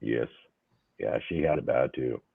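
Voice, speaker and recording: A middle-aged man, hoarse from losing his voice, telling his story plainly in a casual interview. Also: extremely low pitch, unhurried, no room sound. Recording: tinny phone-like call line.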